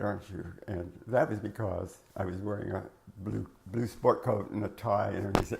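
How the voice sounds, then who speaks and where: An older man looks back on his early working years in a long, rambling oral history interview. His voice sits low with a gravelly fry, and it cracks at times. He wanders through fillers and restarts as he remembers. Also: fairly even intonation, moderate pace, a little mellow.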